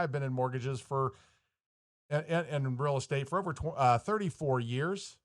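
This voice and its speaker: A man's voice: medium pitch, normal speed. A man in his fifties hosting a podcast from a studio, chatty and self-deprecating, joking about his own slips. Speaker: podcast host, mortgage lender. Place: recording studio.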